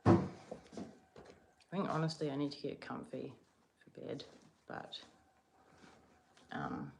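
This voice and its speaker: A woman's voice: extremely low pitch, sing-song, slow pace, vocal fry, very noisy. A tired woman with a New Zealand accent, rambling sleepily as she chats casually with livestream viewers. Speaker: livestream host. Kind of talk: casual live-stream chat.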